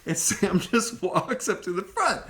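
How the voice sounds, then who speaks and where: A man hosting a podcast, telling a story in a casual, animated way with frequent laughter. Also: high-pitched, a little slow. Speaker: podcast host.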